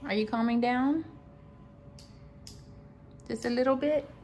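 A young mother at home gently coaxing and soothing her upset toddler with sing-song questions. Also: a little high, slow pace, slight background noise. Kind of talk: soothing parent talk to a child. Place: home, at a table.

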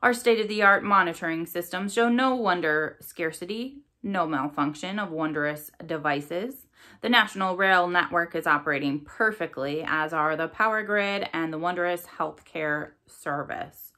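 A little man of a spokesman, soft-spoken and evasive, prone to stammering under pressure, as a woman reads him. His voice comes out bright and a little raised, in storybook style. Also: fairly low pitch, unhurried. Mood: defensive. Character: nervous soft-spoken male company spokesman. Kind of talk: storybook read-aloud.

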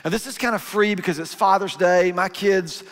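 Man, middle-aged, pastor, sermon, acts out little scenes, high-pitched, echoing church hall. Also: moderate pace, a bit bright. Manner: conversational, acts out parents and kids in asides. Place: church auditorium.

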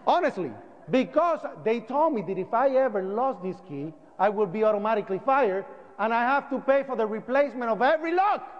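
A man giving a public talk, telling his story in an animated way and acting out sounds and voices. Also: high voice. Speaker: speaker recounting events. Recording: dull lo-fi sound, long hall reverb.

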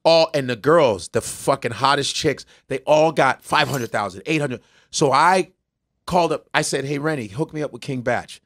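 Middle-aged male comedian from Nigeria; loud, profane, slips into voices as he tells stories. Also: medium pitch, expressive, normal speed. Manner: loud, profane, acts out people in quoted voices. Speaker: comedian guest. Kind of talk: animated storytelling with voices.

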